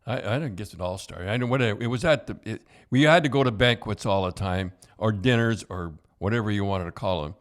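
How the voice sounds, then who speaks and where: An older man, a podcast host and former coach, telling hockey stories in a rambling, halting way with chuckles. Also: lowish voice. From Canada. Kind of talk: casual storytelling.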